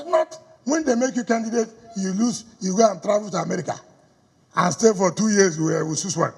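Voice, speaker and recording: A man's voice: sits high, fairly quick, vocal fry, husky. A middle-aged Nigerian man giving a combative campaign speech to party leaders, firing off rhetorical questions and slipping into pidgin. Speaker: politician addressing party stakeholders. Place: government house hall. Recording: echoey hall recording.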